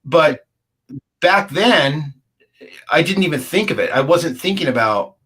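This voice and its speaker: A man's voice: fairly high pitch, lively intonation, unhurried, fairly bright tone, husky. A middle-aged man, a guest, recounting a personal encounter in casual, rambling storytelling and acting out the other people's lines. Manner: rambling, acts out the dialogue of others.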